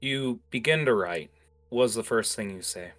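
A man's voice: mid-range voice, moderate pace, fairly bright tone. A man narrating a tabletop game as game master, talking casually with many fillers.

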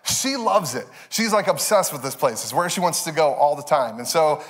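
A man in his thirties preaching a sermon as pastor, telling stories with animated, expressive delivery. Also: normal speed. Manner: animated storytelling, jumps high for quoted voices.

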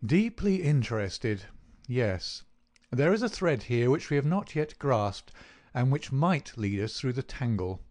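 A man's voice: mid-range voice, very animated, darkish tone. A man voicing a precise, reserved male detective in an audiobook reading. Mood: measured. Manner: measured, precise. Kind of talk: audiobook character voice.

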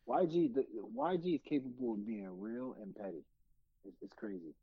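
A man's voice: medium pitch, sing-song, breathy edge, dry recording, muffled recording. A man co-hosting a music podcast in casual chat, playful and teasing, drawing out his words. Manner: playful, drawn-out teasing delivery. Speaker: podcast co-host.

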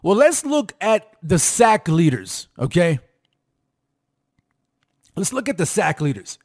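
Energetic male sports show host with a high-pitched voice, talks straight to the fans and repeats lines for punch. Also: slow pace, husky. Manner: hyped, repetitive, sing-song emphasis, calls out to audience. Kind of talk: fired-up sports commentary to fans.

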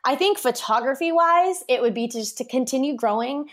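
A woman's voice: high voice, expressive, fairly quick. A young woman, a wedding photographer guest on a podcast, telling a story in a bubbly casual way, laughing often and saying "like" a lot.

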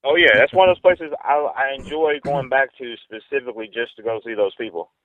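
A man's voice: medium pitch, brisk. A man calling in as a comedian guest, talking casually and rambling with lots of fillers. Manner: laid-back, rambling with many fillers. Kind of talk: casual chat. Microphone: phone. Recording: tinny phone line.

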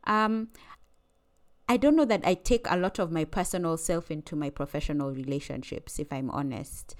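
A woman co-hosting a podcast who talks in a thoughtful, hesitant way, pausing with fillers as she reflects. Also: deep voice. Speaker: podcast co-host. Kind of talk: casual chat.

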